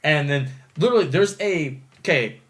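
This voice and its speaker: Excitable, animated young man. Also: a little high, normal speed. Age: young adult. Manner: excitable, swearing, animated storytelling. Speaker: podcast co-host. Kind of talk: casual chat.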